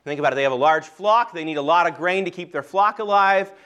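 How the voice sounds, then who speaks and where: A man delivering a sermon, moving from reading scripture aloud to explaining it to his congregation. He speaks in a measured, earnest way and sometimes restarts a phrase. His voice sits a little higher than most men's. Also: fairly bright tone, clear, resonant tone. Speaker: pastor.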